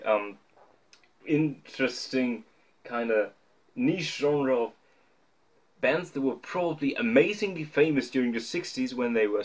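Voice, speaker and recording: A young man talking casually to camera about his records, rambling and joking at his own expense with lots of fillers. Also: medium pitch. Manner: rambling, joking, self-mocking, many fillers. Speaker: vlogger showing his record collection.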